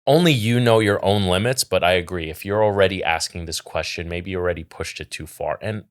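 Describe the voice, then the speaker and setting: Low-voiced man giving earnest advice. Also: fairly quick. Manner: earnest advice-giving, reads out viewer questions. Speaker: podcast co-host. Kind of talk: casual chat.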